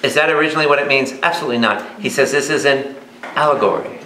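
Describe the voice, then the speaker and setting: Animated preacher in an echoey hall. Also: male voice, medium pitch, fast talker. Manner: animated, asks the audience many questions. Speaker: priest teaching Bible study. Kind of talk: lively Bible study teaching. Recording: echoey hall with faint noise.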